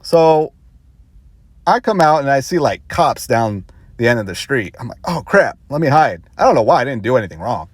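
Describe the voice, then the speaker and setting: A man's voice: mid-range voice, sing-song, a little fast, no echo. A man vlogger telling a rambling story casually, with self-conscious laughs.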